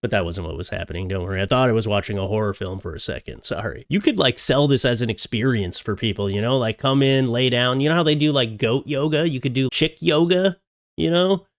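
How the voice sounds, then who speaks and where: A man from Canada hosting a commentary vlog in his thirties, his voice sitting at a middle pitch. He talks with sarcastic, jokey asides and laughs at his own lines. The sound is dry and close, with no room around it. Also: a little fast, gravelly, dry recording. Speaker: YouTube commentary host. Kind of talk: casual reaction commentary.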